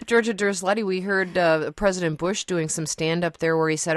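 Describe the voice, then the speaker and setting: A radio talk show host on a public radio call-in program, talking with guests and callers, often halting with ums and restarts. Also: medium pitch, steady tone, dry recording.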